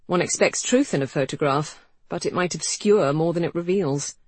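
A narrator voicing a witty young wife who teases her husband in a dry, quick way. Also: mid-range voice, no echo, natural voice. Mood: teasing. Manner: dry, teasing.

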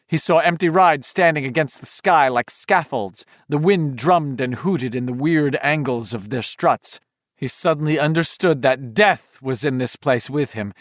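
A man narrating a horror audiobook in a tense, measured, suspenseful way on a close studio mic. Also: medium pitch, fairly bright tone, no room sound.

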